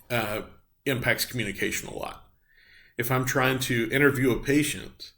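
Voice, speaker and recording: A man's voice: mid-range voice, fairly bright tone. A middle-aged man giving a recorded nursing lecture, explaining step by step with frequent ums and uhs. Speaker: nursing instructor.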